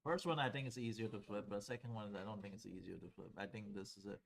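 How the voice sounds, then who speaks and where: A man's voice: on the low side, fairly even intonation, quick pace, creaky. A man teaching a calculus class, explaining steps conversationally and often checking with students whether they follow. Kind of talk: classroom lecture at a whiteboard.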